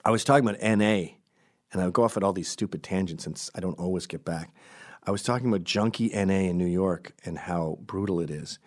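Lower-voiced man in a rambling comic monologue. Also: quick pace. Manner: crude, digressive, self-interrupting.

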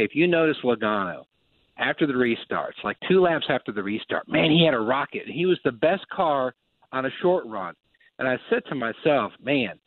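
A man's voice: medium pitch, no echo. Man talking racing over a tinny line. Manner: animated storyteller, acts out quotes. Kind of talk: casual sports talk. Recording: dry tinny phone-like sound.

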